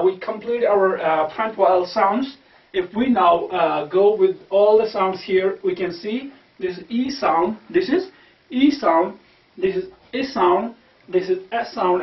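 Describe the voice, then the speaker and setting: A man with a Kashmiri accent teaching pronunciation, repeating words slowly with many fillers. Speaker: language teacher. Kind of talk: explaining pronunciation, word lists. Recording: roomy, distant, dull low-quality mic.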